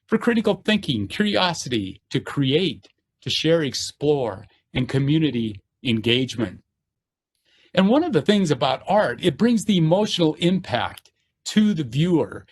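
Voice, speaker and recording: Male lecturer, slightly high voice, earnest and halting, reads out lists. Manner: earnest, halting with fillers and restarts; reads course text aloud in lists. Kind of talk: university lecture.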